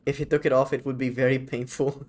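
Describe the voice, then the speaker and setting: A man live-streaming a game, chatting casually with his chat, rambling and swearing freely. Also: medium pitch.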